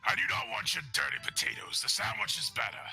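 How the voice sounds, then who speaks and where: A man's voice: medium pitch, wildly swooping pitch, fast talker, gravelly, pushed and bright, soft background music, exaggerated voice. A man playing a crude clueless adventurer. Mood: awkward.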